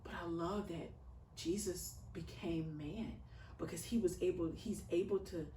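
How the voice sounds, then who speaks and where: A woman in her thirties, a guest on a casual conversational interview podcast, talks earnestly about faith and raising children, her heartfelt, preacher-like storytelling rising and swelling. Her fairly low, mellow voice is a little slow and sounds slightly distant from the mic, in an echoey room with faint background noise.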